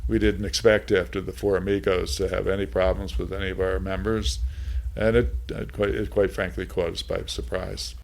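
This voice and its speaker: A man with a low, gravelly voice recalls events for an interview. He talks haltingly, restarting and pausing on fillers as he works through the memory. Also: level tone, darkish tone. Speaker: former state senator interviewed.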